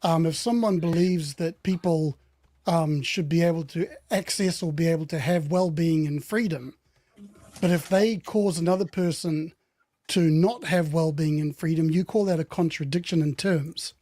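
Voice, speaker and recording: A man with a New Zealand accent puts his argument in a live online debate. His voice sits high and sounds dry and close. He talks hesitantly, restarts his words and apologizes often. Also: normal speed, dark tone, no room sound. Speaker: debate guest.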